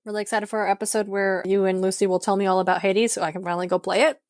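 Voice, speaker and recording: A woman's voice: medium pitch, fairly even intonation, rapid-fire, no room sound, studio quality. A woman co-hosting a podcast, mostly giving short amused reactions in casual chat. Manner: brief reactions, amused listening. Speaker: podcast co-host.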